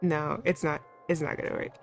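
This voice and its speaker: A woman's voice: sits low, little pitch movement, brisk, creaky. A woman streamer chatting casually while playing, often laughing and poking fun at herself. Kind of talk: casual let's-play commentary. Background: faint background music.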